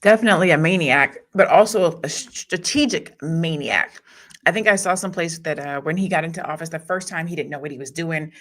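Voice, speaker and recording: A woman's voice: deep voice, fast, hardly any pauses, a bit bright. A woman on a panel who talks in a humorous way and acts out quoted speech. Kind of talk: casual panel discussion.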